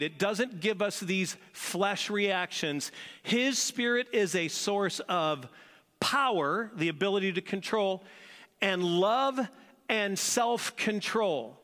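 A male pastor preaching a sermon, animated and emphatic, repeating phrases for stress. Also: a little high, a little slow. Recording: long reverb of a large hall.

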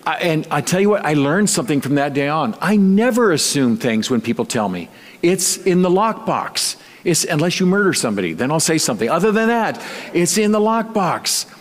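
Man, pastor, sermon, conversational storytelling, light humor, slightly high voice. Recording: long reverb.

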